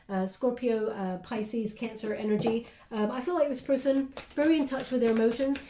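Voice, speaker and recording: Woman, tarot reader, fairly high voice, mellow tone, hesitant gentle delivery, echoey room. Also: slight background noise. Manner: gentle, hesitant, many ums, thanks her spirit guides. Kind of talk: tarot reading monologue.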